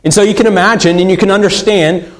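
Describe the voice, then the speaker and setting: A man delivers a sermon with earnest conviction. His voice sits a little higher than most men's. He drives his points home by repeating key phrases. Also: fairly even intonation, fast, rough recording. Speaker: pastor.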